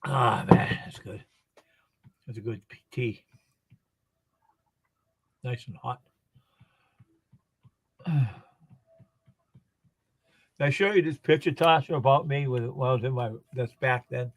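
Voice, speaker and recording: A man spinning long, wandering stories in a loose conversational way. His voice sits at an ordinary middle pitch. The sound is close and dry, with no room around it. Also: takes it slowly, long pauses, no room sound. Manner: rambling anecdotal storyteller. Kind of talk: casual chat.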